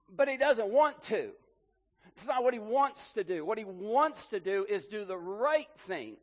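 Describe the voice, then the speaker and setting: Pastor, male, high voice, preaching with swings between loud and soft, muffled hall recording. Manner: preaching with emphatic rises and drops in volume. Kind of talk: sermon. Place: church hall.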